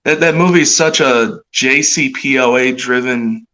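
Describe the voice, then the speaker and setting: A man's voice: medium pitch, moderate pace, bright, forceful tone, rough recording. Blunt guy hosting a live chat, fired up, repeats himself, mid voice. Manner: blunt, passionate, repetitive. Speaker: host. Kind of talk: casual live audio-room talk.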